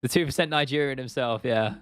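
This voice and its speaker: A young British man in his twenties chats through a livestream, reacting to viewer comments. His voice is smooth and resonant at a middling pitch, and the sound is close and dry. He talks loosely, swears easily and calls people "bro". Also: quick pace, a bit bright, no echo. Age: 20s. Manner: laid-back, chatty, swears casually, says "bro". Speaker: livestream host. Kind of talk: casual livestream chat reading viewer comments.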